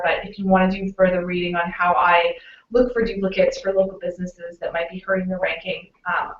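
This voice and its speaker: A woman's voice: medium pitch, a bit bright. A woman with a Canadian accent presenting a webinar, explaining things casually with frequent fillers. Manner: casual, explanatory, many "um"s and "you know"s. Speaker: local SEO consultant presenting a webinar. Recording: roomy, distant, muffled webinar audio.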